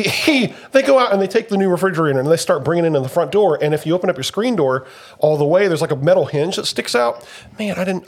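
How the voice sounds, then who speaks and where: Young male podcast co-host, slightly hoarse after illness, rambling and chatty. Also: fairly high pitch. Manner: rambling storyteller, animated when retelling events. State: recovering from covid, slightly hoarse. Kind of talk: casual chat.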